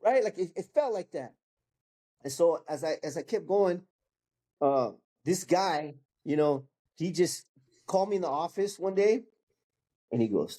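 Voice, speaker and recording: A man's voice: fairly high pitch, lively intonation, unhurried, dark tone. A man in his fifties, a guest sharing his testimony in casual storytelling, acting out the people in it and dropping "bro" and "man" as he goes.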